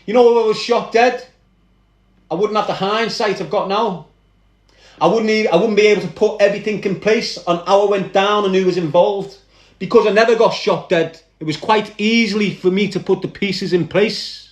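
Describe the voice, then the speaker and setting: A guest with a Liverpool accent dramatically recounts his past in the first person, his high voice lively and animated at normal speed. He speaks directly to his listeners from a roomy, echoing space.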